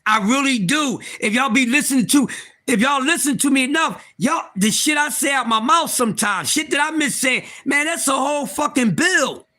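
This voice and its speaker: A man hosting a casual livestream, excitable and profane, talking straight to his viewers and often repeating and restarting. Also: very high voice, normal speed. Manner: excitable, profane, talks to chat. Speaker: livestream host.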